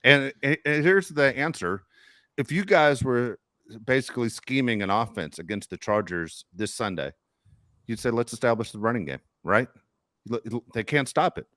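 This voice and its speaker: A middle-aged man hosting a sports podcast, telling stories in casual, animated chat. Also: mid-range voice, moderate pace, dry recording, studio quality. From Los Angeles area. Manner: storytelling, animated, swears casually. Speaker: podcast host.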